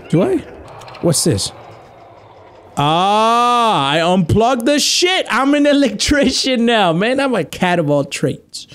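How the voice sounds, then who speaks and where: A young man doing casual gameplay commentary, joking around and dropping Spanish words. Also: fairly high pitch. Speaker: gaming YouTuber.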